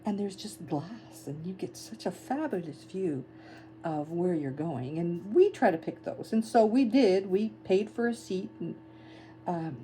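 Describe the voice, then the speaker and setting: A middle-aged woman tells a travel anecdote in a casual, animated way, often laughing and putting on the voices of people she met. Her voice is mellow and warm. A faint hum runs beneath her. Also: fairly low pitch, unhurried, rough recording. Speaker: travel vlogger. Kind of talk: casual storytelling.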